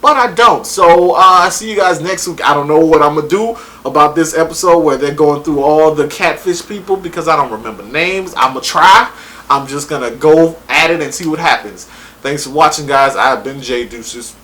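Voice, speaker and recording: A young man casually reviewing a TV episode, retelling it in a profane, animated way. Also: on the high side, normal speed. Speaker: TV show reviewer.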